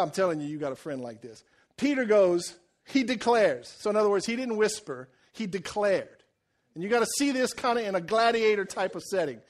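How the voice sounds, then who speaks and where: A preacher man with a strikingly high voice, telling the story in an animated way. He cracks jokes and acts out the quotes as he preaches. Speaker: pastor. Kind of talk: sermon.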